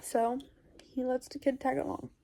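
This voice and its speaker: A woman's voice: sits high, flat delivery, moderate pace, dark tone. A woman recounting a dream in casual, rambling storytelling, full of fillers and sometimes dropping into whispers. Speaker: YouTuber.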